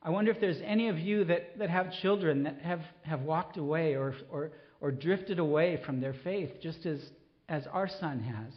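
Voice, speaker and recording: A middle-aged man preaching a sermon, pleading and impassioned, then soft and reflective. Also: on the high side, moderate pace, dull audio. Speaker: pastor.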